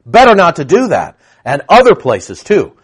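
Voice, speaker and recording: A man's voice: fairly high pitch, huge pitch swings, moderate pace, husky. A man preaching a conversational sermon to a congregation, teaching with frequent asides and questions. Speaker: pastor.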